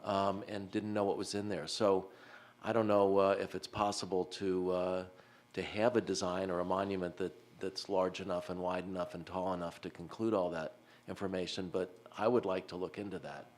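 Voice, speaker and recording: Deep-voiced rambling council member, a man. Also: little pitch movement, normal speed. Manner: rambling, tentative with fillers. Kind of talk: public meeting discussion.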